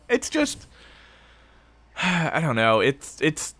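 A man's voice: a little high, huge pitch swings, very slow, bright, forceful tone, no echo. A man co-hosting a podcast in casual chat, rambling with restarts, swearing freely and laughing. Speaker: podcast co-host.

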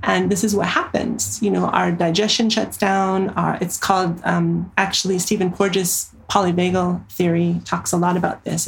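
Gravelly-voiced woman telling her story. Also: lowish voice, rough recording. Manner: earnest, animated storytelling with frequent fillers. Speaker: somatic therapist. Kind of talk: interview storytelling.

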